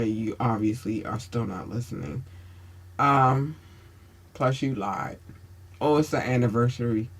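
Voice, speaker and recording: A man hosts his own podcast and hands out blunt advice like a sermon. His voice sits at an everyday middle pitch. He swears freely and calls his listeners baby. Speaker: podcast host. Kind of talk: casual advice monologue.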